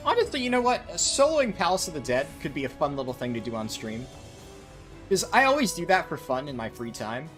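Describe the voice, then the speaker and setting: A man from New Jersey chatting casually while streaming a video game, relaxed and talkative as he reacts to his chat. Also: fairly high pitch, a little fast, soft background music. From New Jersey, USA.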